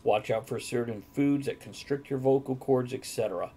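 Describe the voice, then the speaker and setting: Man, host, casual chat, direct, advice-giving, mid pitch. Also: moderate pace, dark tone, a little hiss or hum.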